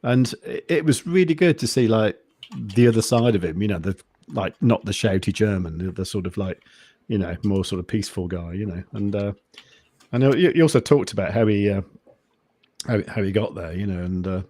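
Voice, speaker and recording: A man chatting as a podcast guest, even-toned and understated, with lots of hesitant restarts. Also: on the low side, fairly quick. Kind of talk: casual podcast chat.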